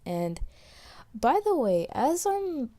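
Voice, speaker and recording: A New York woman with a slight local accent gives casual let's play commentary recorded after playing, chatty and rambling with many restarts and fillers. Her high, dark-toned voice is very animated yet slow.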